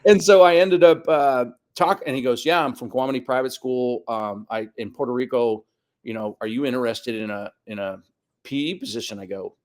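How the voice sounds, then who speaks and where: In a casual storytelling interview, a guest soccer coach in his fifties recounts a long personal story on a podcast, imitating the voices of those he quotes. His voice is mid-range and his pace moderate.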